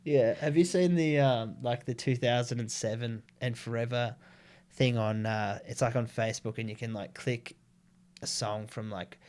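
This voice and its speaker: A man's voice: medium pitch, fairly even intonation, normal speed, a little mellow. An Australian man, a comedian, telling loose, sweary stories packed with fillers in a casual chat.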